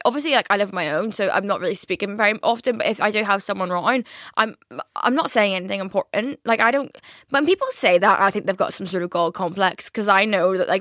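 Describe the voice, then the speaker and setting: A young woman hosting a podcast, telling stories in a chatty, rambling way full of fillers and lively quoted asides. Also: mid-range voice, no echo, studio quality. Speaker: podcast host. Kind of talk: casual chat.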